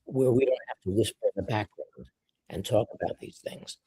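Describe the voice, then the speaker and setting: Man, host, low mellow voice, husky, conversational, dry close sound. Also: moderate pace, no echo, poor audio. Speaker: show host. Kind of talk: hosting a panel discussion.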